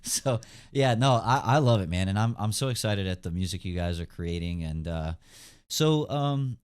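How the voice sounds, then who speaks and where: A man's voice: on the low side, animated, normal speed, smooth. A young man hosting a casual gaming podcast, rambling with lots of fillers and hedges. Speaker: podcast host. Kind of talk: casual chat.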